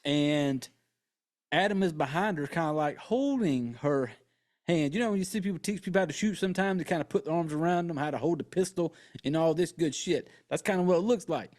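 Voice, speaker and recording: A man's voice: fairly high pitch, fairly quick, a little mellow. A man hosting a podcast, casually and profanely retelling a horror movie's plot with joking asides. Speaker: podcast host.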